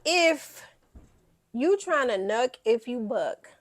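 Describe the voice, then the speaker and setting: A woman hosting a reality TV recap in a casual, blunt and profane way, animated as she talks. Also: on the high side, slow pace.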